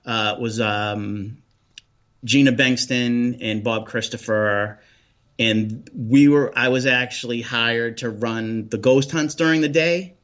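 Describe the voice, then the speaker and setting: A man's voice: medium pitch, fairly even intonation, takes it slowly, fairly bright tone. Boston man, casual rambling chat, frequent ums, muffled recording. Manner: rambling, many restarts and ums. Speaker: paranormal investigator guest.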